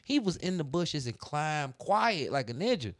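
A man casually telling a story in a lively, profane, drawling way. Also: fairly high pitch, moderate pace, no echo.

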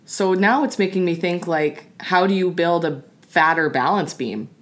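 Low-voiced giggly woman co-host. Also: animated, normal speed. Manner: giggly, playful. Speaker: podcast co-host. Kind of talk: casual chat.

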